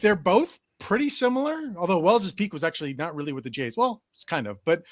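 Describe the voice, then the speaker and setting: A man's voice: high voice, expressive, fairly quick, slight background noise. A man appearing as a guest on a sports podcast, telling eager stories in casual chat.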